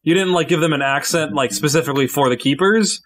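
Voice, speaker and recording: A man chatting casually on a podcast, joking and animated, with many fillers. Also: on the high side, fast talker. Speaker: player.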